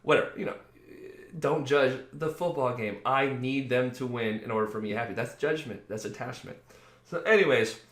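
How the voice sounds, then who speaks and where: A man's voice: medium pitch, brisk. Rambling man in an echoey room. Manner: rambling, acts out quoted voices, many "like"s. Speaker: spiritual video host. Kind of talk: casual spiritual talk to camera. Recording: roomy echo.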